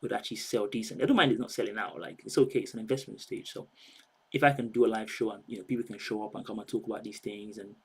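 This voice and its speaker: A man's voice: lowish voice, steady tone, fast, husky, poor audio. A man hosting a live stream, chatting and rambling straight to his viewers. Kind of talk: casual live-stream chat.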